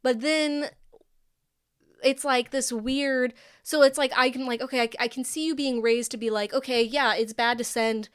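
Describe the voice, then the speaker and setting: A woman's voice: high-pitched, fairly even intonation, moderate pace, clear, resonant tone. A young adult woman co-hosting a podcast, chatting casually and thinking aloud with lots of filler words. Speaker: podcast co-host. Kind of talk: casual chat.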